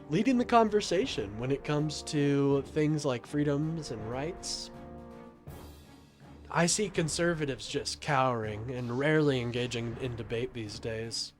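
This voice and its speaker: A young adult man hosting a livestream, reading chat and arguing back in a sarcastic, combative way, often calling people "my friend.". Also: mid-range voice. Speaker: livestream host taking calls and reading chat. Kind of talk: casual political livestream talk.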